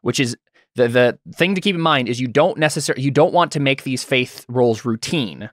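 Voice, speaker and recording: A man's voice: medium pitch, moderate pace, dry recording. A man running a tabletop game, his voice dry and close to the microphone with no room sound. He walks a player through the rules patiently, full of ums and restarts. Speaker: game master.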